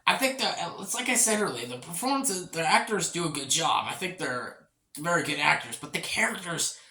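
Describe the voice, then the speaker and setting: A rambling reviewer with a gravelly, bright voice talks through a movie in a loose, casual way. The pitch moves a lot as they repeat themselves and trip over words. The sound carries the echo of a bare room. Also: animated, brisk. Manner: rambling, repeats itself, restarts phrases, swears and laughs often.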